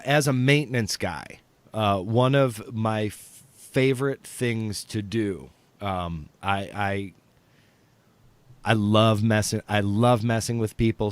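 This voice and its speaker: A man's voice: on the low side, clean tone, dry recording. A man, a guest on a talk show, telling crude stories in casual chat with laughter, profanity and many restarts.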